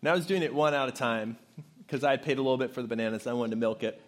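A man preaching a sermon, shifting into animated, conversational storytelling with casual asides. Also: medium pitch, rapid-fire, slight background noise. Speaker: pastor.

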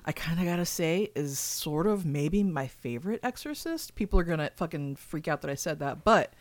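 A woman's voice: low voice, animated, brisk, no echo. A woman co-hosting a podcast, telling stories in casual chat, swearing freely and laughing often. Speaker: podcast co-host.

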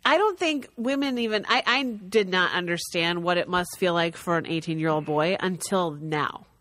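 A woman's voice: fairly low pitch, moderate pace, fairly bright tone, no room sound. Woman in her 30s, frank and blunt podcast chat, dry mic. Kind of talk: crude casual podcast chat.

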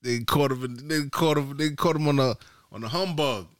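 A man's voice: mid-range voice, normal speed. A man co-hosting a podcast in casual banter, laughing and acting out reactions. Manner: laughing, acts out reactions in quotes. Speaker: podcast co-host.

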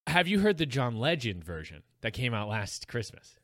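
Bright-voiced chatty man. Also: mid-range voice, very animated, normal speed, dry recording, studio quality. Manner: rambling, chatty, laughs often. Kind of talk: casual chat.

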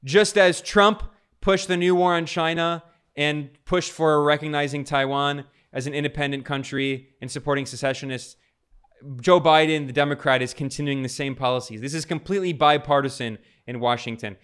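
A man's voice: on the high side, fairly even intonation, normal speed, a bit bright, clear, resonant tone. A man delivering an emphatic political commentary monologue, piling up long lists of charged words.

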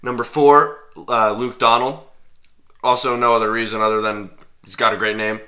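Young guy cohosting a sports podcast, super bright sharp voice, jokey and rambly. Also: medium pitch, little pitch movement, moderate pace. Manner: joking, rambling with fillers. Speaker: podcast co-host. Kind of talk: casual sports chat.

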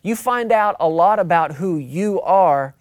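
An emphatic pastor delivers a sermon, reading scripture and then preaching on it, with a voice that sits in a middle register. The delivery often slows to a crawl to drive a phrase home. The sound is close and dry, with almost no room echo. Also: mid-range voice, expressive. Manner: calls out to the congregation. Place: church.

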